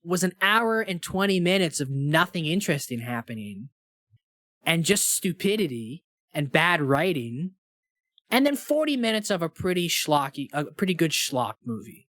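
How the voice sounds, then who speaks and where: A young man co-hosting a movie podcast, talking casually with lots of "like" and getting animated when he rants. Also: on the high side, normal speed, dry recording, studio quality. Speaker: podcast co-host. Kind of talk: casual movie review chat.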